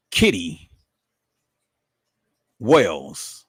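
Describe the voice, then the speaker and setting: This middle-aged streamer's angry, profane rant comes in a fairly high voice with big pitch swings, a little slow, close and dry with no room sound. Indignant, he addresses the audience as "peoples," trips over repeated words and erupts loudly.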